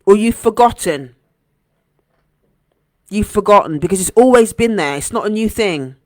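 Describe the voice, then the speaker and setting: A woman hosting a heartfelt motivational live stream as a coach, earnest and gentle, repeating phrases for emphasis. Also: mid-range voice, animated, normal speed, no echo, clean studio sound. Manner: gentle, encouraging.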